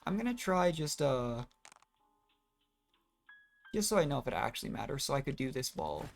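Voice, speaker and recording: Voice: mid-range voice, big pitch swings, normal speed, vocal fry, faint music behind. A gamer giving casual, rambling commentary while playing, often trailing off and restarting thoughts. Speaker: let's play gamer.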